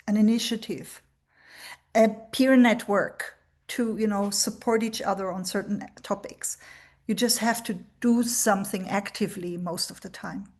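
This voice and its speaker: A woman who works as a coach, speaking earnestly in a panel discussion over a video call. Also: medium pitch.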